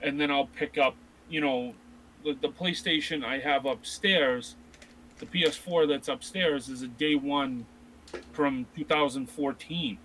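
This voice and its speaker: A man's voice: fairly high pitch, measured pace, fairly bright tone, slight background noise, low-quality recording. A man in his thirties co-hosting a casual chat about video games, rambling with many restarts. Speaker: podcast co-host.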